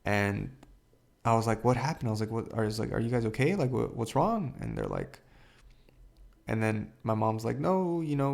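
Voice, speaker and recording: Gravelly man telling a personal story. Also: fairly low pitch. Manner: halting, filler-heavy retelling with quoted dialogue. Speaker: podcast host.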